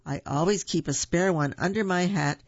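Reader doing polite little bear voice, earnest, kinda gravelly, dull dry sound. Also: medium pitch, moderate pace, no echo. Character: polite young male bear, fond of marmalade.

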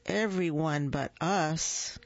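Reader putting on a soft sighing moose wife, slow unhurried pace, muffled lo-fi recording. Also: mid-range voice, dry recording. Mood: gentle. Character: gentle wistful female moose wife.

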